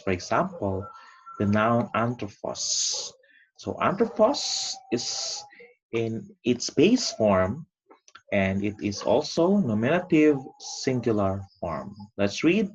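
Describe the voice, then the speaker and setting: A man's voice: medium pitch, husky. A man teaching an online lesson, stretching out key words for emphasis. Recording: dull lo-fi recording.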